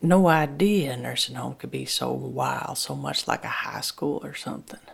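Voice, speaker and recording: A woman telling a first-person story in dialect, plain-spoken and halting, with many restarts. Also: very deep voice, lively intonation, gravelly, breathy edge.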